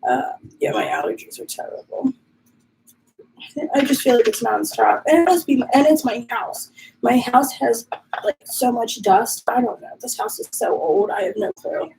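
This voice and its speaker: A woman's voice: a little high, normal speed, gravelly, darkish tone, slight background noise, rough recording. A woman hosting a casual live stream from her home, chatting and reading viewer comments aloud while dealing with allergies and a runny nose. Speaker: livestream host.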